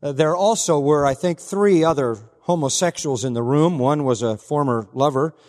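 Earnest preacher in a reverberant hall. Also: male voice, mid-range voice. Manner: earnest storytelling preacher, quoting others in a softer voice. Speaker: pastor. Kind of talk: sermon.

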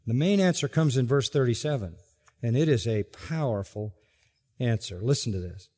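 A man preaching an expository sermon, emphatic, dropping to quiet asides and rising to loud, stressed quotations. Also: medium pitch, animated, normal speed, slightly rough, long reverb tail. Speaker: pastor.

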